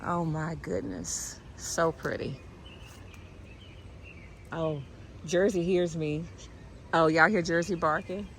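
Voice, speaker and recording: A woman, vlogging casually outdoors in her yard and chatting to her viewers, often dropping to a soft hush. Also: lowish voice, steady tone, slow pace, vocal fry, long pauses, a little hiss or hum, rough recording. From United States. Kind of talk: casual chat to camera.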